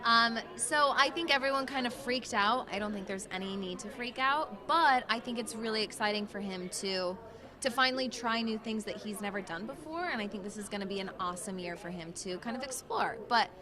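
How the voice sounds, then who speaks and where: Laughing woman telling a lively story. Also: a little high, fairly quick. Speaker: professional dancer, guest. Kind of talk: excited storytelling. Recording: clear crowd chatter behind.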